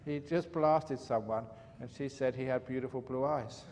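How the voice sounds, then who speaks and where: A man, a monk, giving a dharma talk as an animated, chatty storyteller. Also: medium pitch, moderate pace. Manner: animated, chatty storyteller with frequent "you know". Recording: reverberant hall, faint background noise.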